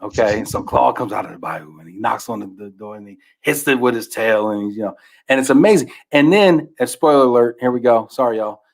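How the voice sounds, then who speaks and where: Guy on a podcast getting really into a kids book story, mid pitch, keeps trailing off quiet. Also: a little fast, vocal fry. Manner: animated storyteller, trails off into mumbles. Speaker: podcast guest. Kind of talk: casual chat.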